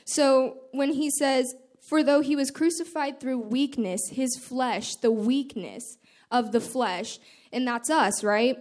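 A woman giving an earnest, informal devotional talk, reading scripture aloud and explaining it with halting restarts. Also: sits high, darkish tone. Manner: reads scripture aloud in a measured way. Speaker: speaker sharing scripture.

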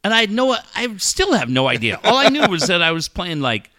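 A man's voice: high voice, sing-song, fairly quick, pushed and bright, dry recording, studio quality. A man hosting a podcast, ranting and telling stories in casual, profane chat and mocking other people's voices. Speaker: podcast host.

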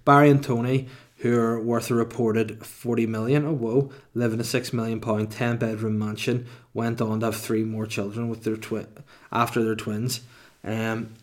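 A man in his thirties hosts a solo comedy podcast. He rambles and throws in irreverent, sweary asides at a middle pitch. His delivery is loose and unscripted. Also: flat delivery, normal speed.

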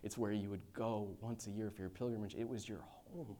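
A man preaching a sermon, reading scripture aloud and then explaining it in a lively, conversational way with quick asides. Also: lowish voice, a little hiss or hum. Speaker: pastor.

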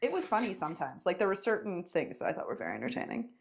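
Young woman, lowish voice, podcast host, giggly and teasing. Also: very animated, very fast, gravelly. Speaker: podcast host reading listener questions. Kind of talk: casual chat.

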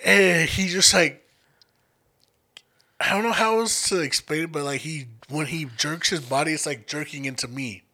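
A young man telling stories in casual, profane chat, acting out the people he quotes with lively voices. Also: a little high, moderate pace. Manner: animated, profane, acts out quotes in many voices. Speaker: podcast co-host telling stories.

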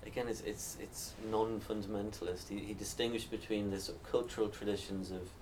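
A man's voice: fairly low pitch, fairly even intonation, brisk, a little mellow. A man from Northumberland, telling stories in a thoughtful way as a panelist in a live discussion. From Northumberland, England. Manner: thoughtful, storytelling, some restarts. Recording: distant mic, faint background noise.

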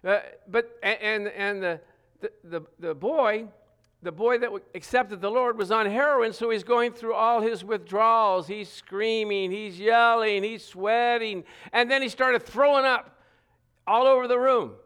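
A middle-aged man preaching a sermon, earnest, stressing scripture with repeated phrases and some halting restarts. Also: sits high, a bit bright, clean tone. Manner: earnest, reads scripture aloud with emphatic repetition.

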